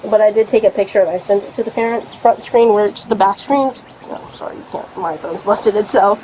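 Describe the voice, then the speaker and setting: A young woman tells police about a fight in a rambling, swear-filled way, her talk full of fillers. Her voice sits at an ordinary pitch for a woman. She is caught on a body camera at a house, with faint background noise. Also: a little fast, warm tone, poor audio. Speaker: complainant speaking to police. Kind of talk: rambling account of a domestic fight.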